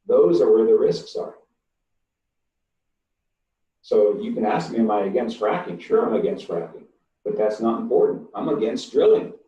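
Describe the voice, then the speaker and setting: An older man, an engineering professor, answering webinar questions in a blunt, emphatic way, stressing key words slowly. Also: on the low side, animated, mellow. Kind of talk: online webinar Q&A. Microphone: computer mic on a video call. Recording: distant, roomy, dull call audio.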